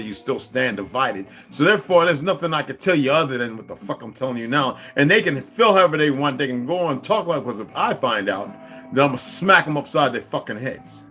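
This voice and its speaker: A man, an online commentator, rants through a profane, confrontational monologue, lurching between loud outbursts and low mutters.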